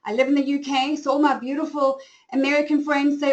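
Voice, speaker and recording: A woman's voice: high voice, little pitch movement, fairly quick, dull audio. A woman in her forties with a South African accent, hosting a live webinar and telling her own story in an effusive, open way. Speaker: webinar host and company founder.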